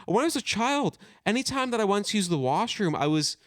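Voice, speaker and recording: Young man rambling with lively pitch. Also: a little fast, no room sound, studio quality. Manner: rambling, full of "like" and self-corrections. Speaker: podcast co-host. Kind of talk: casual chat.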